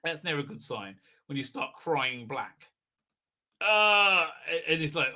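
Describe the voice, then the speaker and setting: A man's voice: high voice, animated, moderate pace, sharp tone. A man hosting a livestream, giving a rambling, sarcastic commentary, full of fillers and restarts. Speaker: livestream host reviewing a TV episode.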